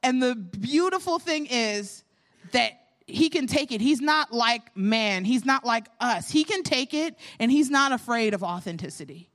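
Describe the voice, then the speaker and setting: A woman's voice: on the high side, expressive, a little slow, fairly bright tone. A young adult woman hosting a faith podcast, talking in an earnest, candid storytelling way with self-deprecating humor. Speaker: podcast host.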